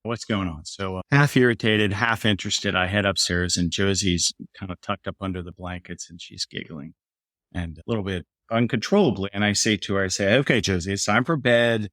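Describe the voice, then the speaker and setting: A man's voice: low-pitched, fairly even intonation, a little fast, a bit bright, no echo, studio quality. A middle-aged man, a podcast guest, earnestly telling a personal story and lifting his voice when quoting others.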